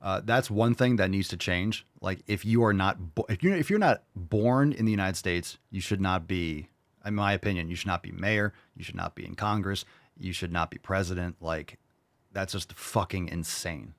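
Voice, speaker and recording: A male host tearing into clips in a blunt, profane, mocking rant. His voice sits fairly low, and the sound is close and dry with no room echo. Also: normal speed, vocal fry. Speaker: host reacting to videos. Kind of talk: ranting reaction commentary.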